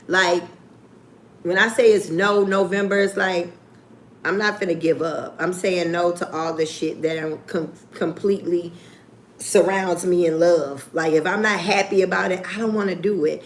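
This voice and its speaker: A woman chatting casually on a livestream, candid and profane, with lively swings in her voice. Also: mid-range voice. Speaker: YouTuber.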